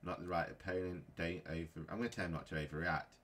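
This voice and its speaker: A man's voice: low voice, steady tone, fast, a bit bright, slight background noise. A man playing a football game and commenting casually, often frustrated and grumbling. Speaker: gaming YouTuber.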